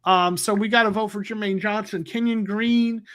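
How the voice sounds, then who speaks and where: A man's voice: sits high, fairly even intonation, normal speed, a bit bright. A man hosting a casual livestream, rambling with fillers and restarts as he goes. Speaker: livestream host. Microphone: new microphone.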